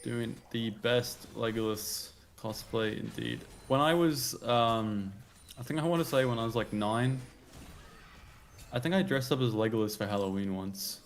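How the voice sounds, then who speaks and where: An esports color commentator with an everyday mid-range voice co-commentates casually, speaking a little slowly and correcting himself as he goes. He's relaxed, chatty and easygoing, with faint music behind him.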